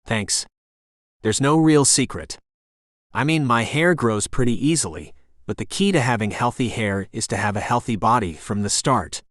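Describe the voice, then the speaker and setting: A laid-back young guy with a teasing, wry edge, as a male narrator plays him. He talks easily at an average pitch. The sound is dry and close. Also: expressive, normal speed, fairly bright tone, no echo, close to an everyday voice.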